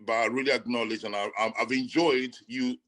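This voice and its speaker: A middle-aged man talks as a guest on an interview show, earnest and openly emotional. His pitch sits in a plain middle range, and his sentences break off and start again as he searches for words. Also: steady tone, a bit bright, poor audio. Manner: earnest, emotional, halting with restarts. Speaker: boxing coach guest. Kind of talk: interview conversation.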